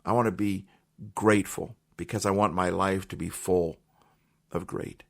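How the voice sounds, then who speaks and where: A man hosts his podcast in an earnest motivational monologue, leaning on repeated phrases for emphasis. His voice sits low with a gravelly fry. He speaks into a studio microphone. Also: steady tone, moderate pace. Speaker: podcast host.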